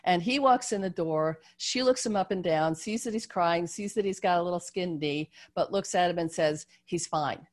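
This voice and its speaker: A woman leads a group video call, teaching through a slowly unfolding story. Her delivery is gentle and unpolished, full of ums and restarts, and she sounds like she is talking into a video-call microphone. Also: on the low side. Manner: gentle, with frequent fillers and restarts.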